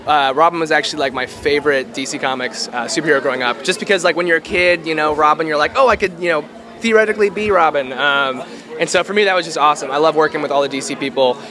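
A young man, a voice actor, answering interview questions in a relaxed, rambling way with many fillers, outdoors at a public venue. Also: fairly high pitch, fast, crowd noise. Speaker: voice actor guest. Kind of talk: casual interview.

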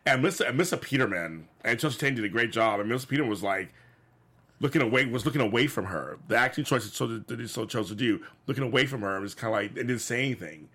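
A man's voice: medium pitch, lively intonation, very fast, sharp tone, husky. A man in a casual chat recapping a sitcom episode, rambling with many restarts and fillers. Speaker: podcast co-host.

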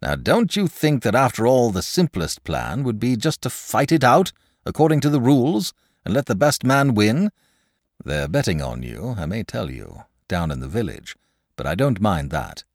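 A frank, pleasant knight, patient and persuasive, in a storybook reading, as a man puts him on. His voice is only a little raised and moves lively through each phrase, with a dry, close sound. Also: mid-range voice, a little slow, no echo, pitched above the performer's own voice, full character voice.

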